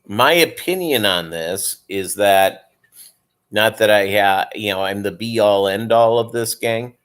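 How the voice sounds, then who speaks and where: Slow, rambling fish-breeder man on a live stream. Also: fairly low pitch, a bit bright. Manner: rambling and loose, addressing viewers as gang. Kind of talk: casual live-stream chat.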